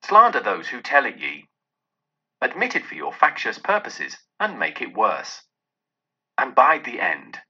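A man reading aloud, voicing a solemn, sorrowful male spirit who warns gravely, on a dull lo-fi recording. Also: medium pitch, wildly swooping pitch, a little slow, bright, forceful tone, exaggerated voice. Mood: stern. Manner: grave, admonishing.

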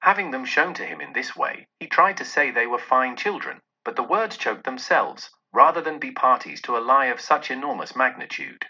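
A man's voice: mid-range voice, moderate pace, hardly any pauses, breathy edge. A man giving a dramatic, theatrical storybook narration on a dull lo-fi recording. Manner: theatrical, expressive.

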